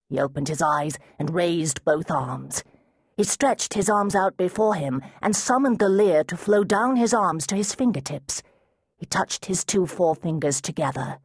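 A woman reads a fantasy audiobook in measured, steady narration. Her voice sits low and a little husky. The recording is dry and close, with no room sound. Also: no echo. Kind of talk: scripted narration.

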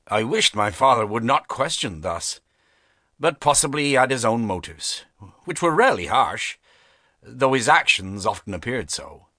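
Here a medium-pitched male narrator reads aloud from an unabridged classic, telling the story in a careful, expressive way. It is scripted audiobook narration recorded dry and close in a studio.

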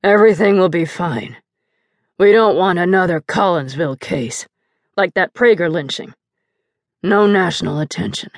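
A drunk middle-aged farmer speaks in a slurred, gravelly voice, low and flat, put on by a woman narrator. The sound is dry and close, as in an audiobook. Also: moderate pace, no room sound, lightly acted. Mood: grim. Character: drunk grim farm father, middle-aged man.

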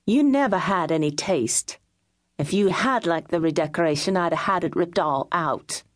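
A woman narrator voicing a proud, quick-tempered woman detective who answers sharply and indignantly. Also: medium pitch, sing-song, darkish tone, dry recording, clean studio sound, pitched above the performer's own voice.

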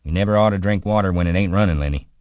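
A man voicing a small, irritable, weary ranch hand who talks gruffly and swears in exasperation, in an audiobook. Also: sits low, very fast, a little mellow, no room sound, studio quality, pitched above the performer's own voice, natural voice. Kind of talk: audiobook character voice.

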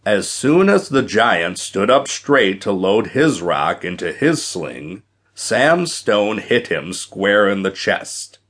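A male audiobook narrator reads an adventure story at an unhurried pace. His voice sits low, with lively swings of pitch that keep the narration expressive. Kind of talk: scripted narration.

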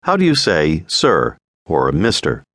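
A man narrating a scripted audio language lesson, giving prompts in a clear, measured way. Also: rumbling low, huge pitch swings, a bit bright, no echo, studio quality. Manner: clear, measured instructional delivery.

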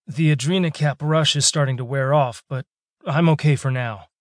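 A man's voice: fairly high pitch, moderate pace, no room sound, studio quality, lightly acted. A man voicing a badly beaten young human man who plays at being crazed. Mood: weary. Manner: weak at first, then manic raving.

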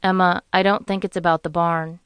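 A woman reading a calm, kind young man. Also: lowish voice, fairly quick, clear, resonant tone, no room sound, natural voice. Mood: concerned. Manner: calm, hesitant.

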